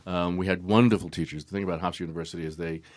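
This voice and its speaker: An older man, a guest actor, telling stories at an unhurried, reflective pace in a conversational interview, with frequent ums and uhs. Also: sits low, fairly even intonation.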